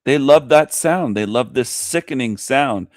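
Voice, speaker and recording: A man's voice: medium pitch, expressive, a little slow, no room sound, studio quality. A man hosting a talk show, ranting bluntly and scornfully with lots of profanity and repetition. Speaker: show host. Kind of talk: ranting commentary over clips.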